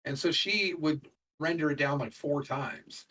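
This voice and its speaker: A man's voice: on the high side, a little slow, bright, forceful tone, recorded from a distance, rough recording. A middle-aged man chatting casually as a guest, rambling with lots of fillers. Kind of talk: casual conversation.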